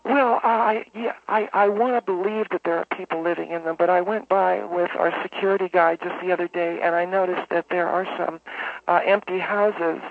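A pompous, self-important homeowners association president, as a man puts him on, drones along in a flat monotone, stumbling over uhs and restarts. His voice sits high for a man and comes through a tinny, narrow phone line. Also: vocal fry, dry recording. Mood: smug. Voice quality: monotone droning. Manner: halting, full of uh and restarts. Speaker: caller.

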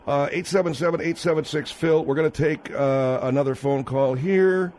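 A man's voice: a little high, fairly even intonation, normal speed, a little mellow, a little hiss or hum. A man hosting a comedic radio talk show, questioning callers with incredulous exasperation.

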